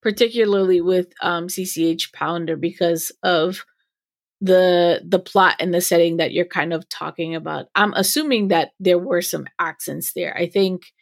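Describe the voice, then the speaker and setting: A woman's voice: lowish voice, moderate pace, creaky, no room sound. Hesitant woman host, dry close sound. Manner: thoughtful, hesitant, many fillers. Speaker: podcast host. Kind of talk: interview questions.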